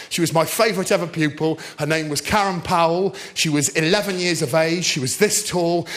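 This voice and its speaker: A middle-aged man doing stand-up, telling stories animatedly and shouting his punchlines. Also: high voice, a little hiss or hum. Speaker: stand-up comedian. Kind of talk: stand-up storytelling.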